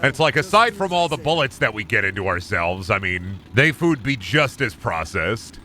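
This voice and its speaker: Young guy streaming a game, rambling and swearing a lot, bright voice that jumps all over the place. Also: fairly low pitch, very animated, moderate pace. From United States. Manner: rambling, profane, joking asides. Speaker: streamer playing a video game. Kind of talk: casual gaming commentary.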